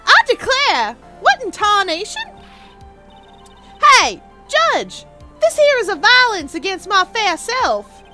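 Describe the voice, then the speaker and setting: Brash, exclaiming, Southern drawl, high lively voice, a woman puts her on. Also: slow, over loud music, heavily acted. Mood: indignant. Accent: put-on American Southern. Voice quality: twangy, exclaiming.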